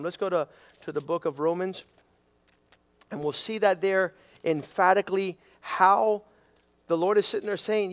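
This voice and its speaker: A man preaching a sermon as pastor, emphatic and repetitive, building to rising questions. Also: on the high side.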